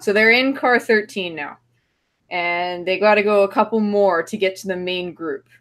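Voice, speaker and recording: A woman co-hosting a movie podcast in easy, casual chat. She swears freely and laughs often while she retells plots, her pitch sitting in the middle of the female range. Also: normal speed, a bit bright. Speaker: podcast co-host.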